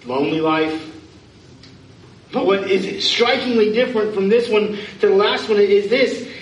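Male pastor, high voice, conversational sermon, echoey church from far off. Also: fairly even intonation, moderate pace, highs cut off, slight background noise. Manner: conversational preaching with questions to the congregation. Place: church sanctuary.

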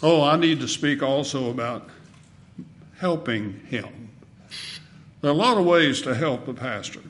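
A man preaching a sermon in a folksy way, asking the congregation questions and swinging between loud emphasis and soft asides. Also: mid-range voice, expressive, measured pace.

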